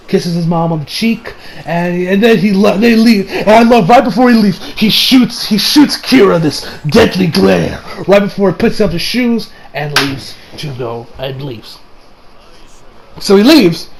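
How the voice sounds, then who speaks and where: A man's voice: high voice, poor audio. A man hosting a casual anime episode recap, rambling with frequent restarts. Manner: animated, rambling, with frequent restarts and acted quotes. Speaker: anime reviewer.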